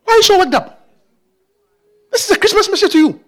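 A man preaching a sermon with passion. He fires off repeated questions and builds up to shouting. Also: very high voice, animated, quick pace.

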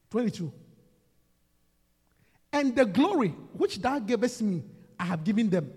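High pitched preacher guy, animated, asks the crowd questions, goes quiet then shouts, big reverb. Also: a little slow, pauses often, slightly rough. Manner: call-and-response preaching, swings from soft to shouting. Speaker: pastor. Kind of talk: sermon. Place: church hall. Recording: reverberant church hall.

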